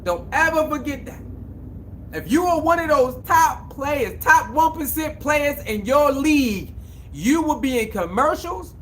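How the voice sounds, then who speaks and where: A man with a high voice talks in a casual sports commentary monologue. He is emphatic and repetitive and preaches a little, with lots of slang. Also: lively intonation, a little slow, fairly bright tone, a little hiss or hum.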